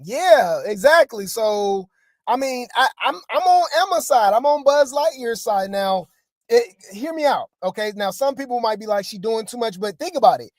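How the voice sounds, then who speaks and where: A man's voice: very high voice, expressive, moderate pace, no echo. Rambling male gossip commentator, dry sound. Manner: rambling, hesitant, many fillers and asides to viewers. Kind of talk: casual reality TV commentary.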